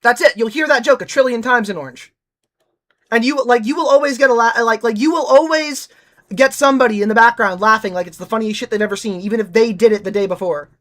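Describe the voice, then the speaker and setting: A woman's voice: a little high, quick pace. A young woman from Nevada streaming casually, ranting and mocking with lots of swearing.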